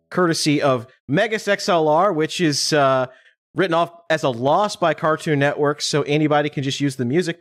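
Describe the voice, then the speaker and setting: Rambling podcast host, a man. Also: on the high side. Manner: relaxed, rambling storytelling. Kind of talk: casual podcast chat.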